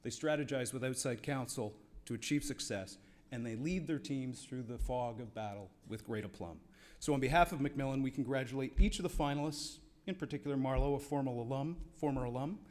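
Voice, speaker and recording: A man's voice: mid-range voice, fairly quick, a little mellow. Male award presenter, wry after-dinner storyteller, mid-range voice, banquet podium. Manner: wry storytelling, playing to the room. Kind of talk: after-dinner speech with a joke. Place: banquet hall.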